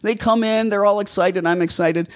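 A man's voice: high-pitched, steady tone, moderate pace. A middle-aged man co-hosting a casual talk on dog training, acting out owners and dogs with big jumps in his voice. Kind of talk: casual podcast chat.

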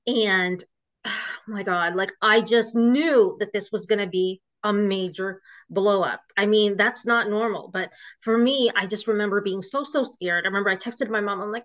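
A woman in her thirties tells her own story with emotion, looping back with "like" and "you know" and restarting her sentences. Her voice sits at a middling pitch. It comes through on a muffled, lo-fi recording. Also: normal speed, a bit bright. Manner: emotional, filler-heavy retelling with many restarts. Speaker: podcast guest. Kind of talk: personal storytelling.

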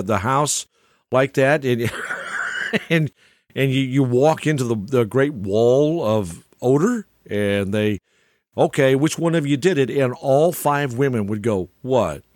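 A man's voice: medium pitch, animated, unhurried, dry recording, studio quality. An older man telling stories in a casual, rambling monologue, chuckling often and restarting his sentences. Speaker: storyteller.

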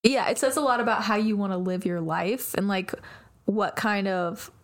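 A woman with a mid-range voice speaks at a normal speed as she co-hosts a podcast. In casual chat, she tells animated stories and laughs often.

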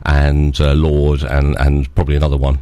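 Older man, English accent, from Scotland, very low voice, dry studio sound, rambling anecdotes, wry humour. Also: completely flat delivery, normal speed, dark tone, no room sound. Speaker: interview guest, former diplomat. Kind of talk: radio interview anecdotes. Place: radio studio.

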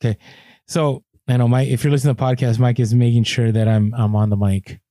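A man's voice: mid-range voice, quick pace, dry recording, studio quality. Chatty man telling resale stories. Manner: chatty storyteller, animated asides. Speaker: podcast co-host. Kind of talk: casual podcast chat.

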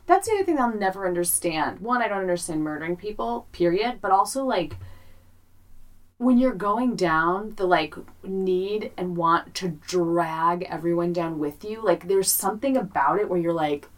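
A woman co-hosting a podcast, chatting casually and playfully, with animated swearing. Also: lowish voice, moderate pace, recorded from a distance. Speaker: podcast co-host. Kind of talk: casual chat.

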